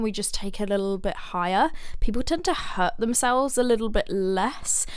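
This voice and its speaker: A woman's voice: mid-range voice, clean tone, no room sound, clean studio sound. A young woman vocal coach explaining singing technique in an enthusiastic, gushing way as she reacts to a performance.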